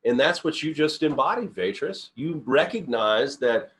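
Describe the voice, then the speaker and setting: Middle-aged male speaker, earnest and rambling, lots of self-corrections, average pitch. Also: animated, unhurried, fairly bright tone. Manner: rambling, restarts often, earnest storytelling. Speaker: company CEO giving a talk. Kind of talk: informal motivational talk.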